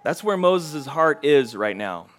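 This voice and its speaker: A male preacher with a slightly high voice, talking to his congregation in a casual, conversational way. He acts out the quoted lines with rising intensity. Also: very animated, slow pace. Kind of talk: sermon.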